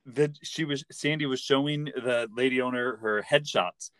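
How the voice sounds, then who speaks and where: Recapping a TV episode on his podcast, a man chats casually, slipping into wry, playful, mock-serious humor. He speaks at a moderate pace in a mid-range voice that's fairly bright, clear, and resonant, on a dry recording.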